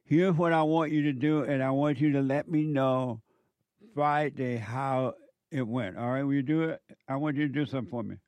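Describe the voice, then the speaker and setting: A man's voice: mid-range voice, moderate pace, darkish tone, no room sound. A man hosting a call-in show, giving firm, direct instructions to a caller. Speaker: host.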